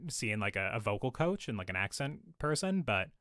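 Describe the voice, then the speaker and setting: A man's voice: lowish voice, sing-song, moderate pace, fairly bright tone, no echo, clean studio sound. A man co-hosting a podcast, laid-back and slangy in a casual film chat. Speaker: podcast co-host.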